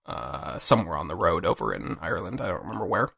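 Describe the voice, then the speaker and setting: A man co-hosting a podcast in casual chat, halting and restarting often with small chuckles. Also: low voice, very animated, creaky, fairly bright tone, slightly rough. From Minnesota, USA. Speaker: podcast co-host.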